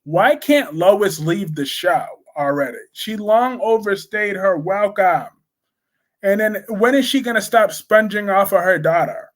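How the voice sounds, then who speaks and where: Speaking slowly and bluntly in a high voice with lively intonation, a man shares his views on soap operas. He chats casually with live-stream viewers, repeating his points for emphasis.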